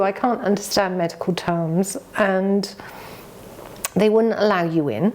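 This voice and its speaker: A middle-aged English woman co-hosting a vlog, candidly and emotionally retelling a hard experience, halting and choked up at times. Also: medium pitch, darkish tone. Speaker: vlog co-host. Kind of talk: candid conversation.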